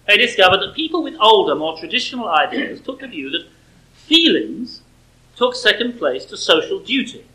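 A man giving a prepared sermon-style lecture, measured and emphatic, with pointed sarcasm. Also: high voice, bright, forceful tone, rough recording. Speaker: speaker.

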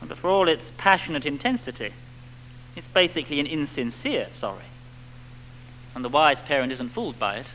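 Lively, bright-voiced preacher man. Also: a little high, moderate pace, long pauses, slight background noise, rough recording. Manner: animated, rhetorical tag questions, acts out little quotes. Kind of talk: sermon.

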